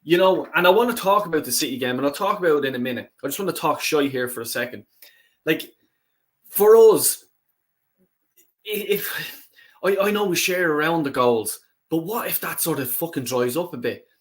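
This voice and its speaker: A man's voice: on the high side, animated, normal speed. A man hosting a casual football fan stream, sweary, blunt and rambling, greeting viewers as he goes. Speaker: football fan channel host. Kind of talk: casual livestream chat.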